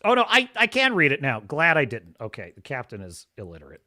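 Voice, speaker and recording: Man, livestream host, casual chat, bright voice, higher pitch, laughs often. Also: wildly swooping pitch, fairly quick. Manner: enthusiastic, rambling, laughs often. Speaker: podcast host.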